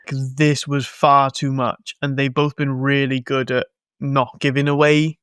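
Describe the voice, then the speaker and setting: A man hosting a casual film review podcast, sweary and animated, often laughing and acting out lines. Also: mid-range voice, measured pace, smooth, no echo, studio quality. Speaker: podcast host.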